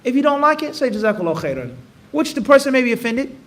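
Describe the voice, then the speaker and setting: A man teaching a religious lesson, animated and acting out little dialogues. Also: very high-pitched. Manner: animated, acts out dialogues, recites Arabic rapidly. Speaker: Islamic teacher. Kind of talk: religious lesson with acted examples.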